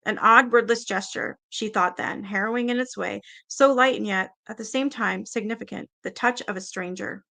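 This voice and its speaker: A woman's voice: mid-range voice, moderate pace, vocal fry, few pauses, sharp tone. A woman reading a book aloud in a casual way, stumbling over words and stopping to react and swear.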